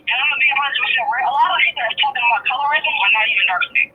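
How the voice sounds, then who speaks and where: A woman's voice: high voice, very fast, slightly rough. A woman calling in by phone, talking candidly and at length with lots of fillers. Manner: candid, talkative, frequent fillers. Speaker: caller. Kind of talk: phone-in chat. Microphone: telephone. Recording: tinny phone line with faint hiss.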